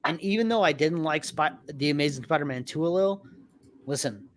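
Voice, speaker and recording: Man, podcast co-host, excitable, swears, laughs a lot, slightly high voice, dry sound. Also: fairly quick, no room sound. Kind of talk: casual livestream chat.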